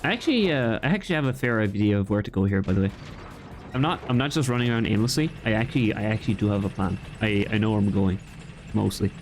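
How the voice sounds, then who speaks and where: A man's voice: fairly low pitch, expressive, fast talker, a little mellow, a little hiss or hum. A young man with a light Irish accent, chatting casually as he streams a game and rambles in reply to his viewers. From Ireland. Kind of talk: casual gaming commentary.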